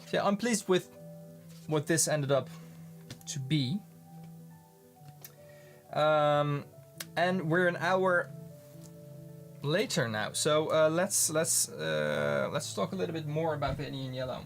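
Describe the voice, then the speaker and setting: A man casually commenting in his studio as he looks at his handmade pigments, halting and restarting often. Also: on the high side, expressive, faint music behind. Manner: rambling, halting, many restarts. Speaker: pigment maker filming his studio work. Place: home studio.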